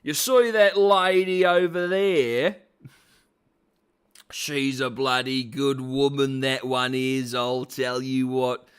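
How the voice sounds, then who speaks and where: A man voicing a boisterous, boastful male sheriff with a put-on Australian accent, loud and slangy. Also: medium pitch, flat delivery, slow, smooth, lightly acted.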